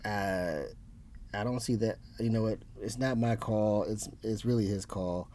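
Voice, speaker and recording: Man, co-host, low voice, blunt, dry, skeptical. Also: steady tone, a little slow, dark tone. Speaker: podcast co-host. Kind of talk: casual chat.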